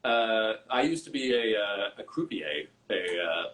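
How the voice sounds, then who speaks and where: A man's voice: fairly low pitch, unhurried, low-quality recording. Easygoing man improviser chatting. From Canada. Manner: relaxed, easygoing, many fillers. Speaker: guest, actor and improviser. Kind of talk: casual chat.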